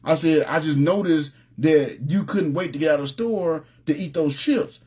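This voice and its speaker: A man preaching an informal sermon, telling stories in a relaxed, streetwise way and often asking "you know what I'm saying". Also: on the high side, moderate pace, breathy edge. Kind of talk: conversational sermon with storytelling.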